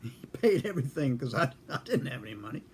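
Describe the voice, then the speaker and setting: A man's voice: medium pitch, very animated, fast, a little hiss or hum. A man telling a casual story in a folksy, dry way, acting out both sides of a conversation. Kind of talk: casual spoken anecdote.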